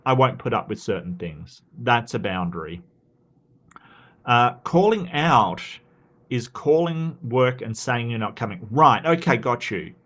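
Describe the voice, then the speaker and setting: A man's voice: medium pitch, animated, unhurried, fairly bright tone. Australian male streamer, casual and rambling, reads chat aloud, full of restarts and fillers.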